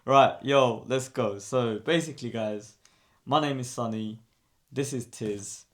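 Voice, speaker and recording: A man's voice: medium pitch, unhurried. A young man from outer co-hosting a podcast in casual, slangy chat, laughing often. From England. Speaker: podcast co-host.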